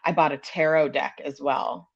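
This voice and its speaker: A woman's voice: sits low, steady tone, moderate pace, vocal fry, muffled recording. A woman in casual storytelling as a psychic guest, candid, laughing easily and swearing. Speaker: psychic and energy healer guest.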